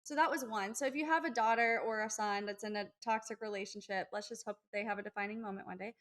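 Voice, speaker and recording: A young woman co-hosting a podcast, telling personal stories in a chatty, animated way. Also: medium pitch, quick pace. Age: young adult. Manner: chatty, animated storytelling with acted-out quotes. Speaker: podcast co-host. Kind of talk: casual podcast chat.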